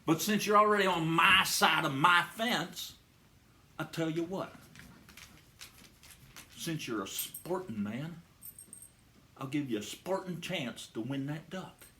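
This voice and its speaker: A man voicing a huge, bossy Kentucky farmer with a slow, drawling, commanding manner. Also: fairly high pitch, lively intonation, reverberant, a little hiss or hum, pitched below the performer's own voice. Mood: gruff.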